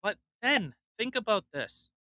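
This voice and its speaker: A young man co-hosting a podcast, ranting bluntly in casual chat, swearing and mocking people with quick impressions. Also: sits high, big pitch swings, pushed and bright, dry recording. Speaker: podcast co-host.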